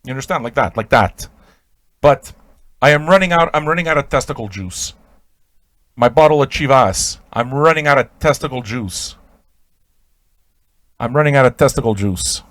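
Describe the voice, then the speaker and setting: A man hosting a radio show, telling an improvised absurd comic story in a rambling, stammering way with sudden shouted outbursts. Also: medium pitch, animated, moderate pace, pauses often, no room sound.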